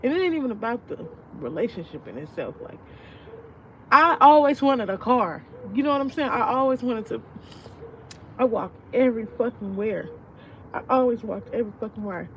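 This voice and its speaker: A young woman with a fairly high voice talks through her feelings in a rambling, profane, heartfelt way. She sounds set back from a dull, muffled mic. Faint traffic hum sits behind her outdoors. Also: animated, a little fast. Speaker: vlogger. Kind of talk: casual personal venting. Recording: distant, muffled mic with street noise.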